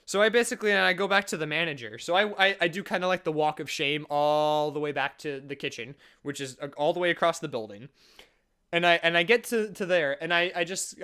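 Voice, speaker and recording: A young man telling a storytime vlog, animated and sarcastic, often stopping and restarting mid-sentence. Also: on the high side, clean tone. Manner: animated, sarcastic, jokey with frequent self-interruptions. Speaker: vlogger.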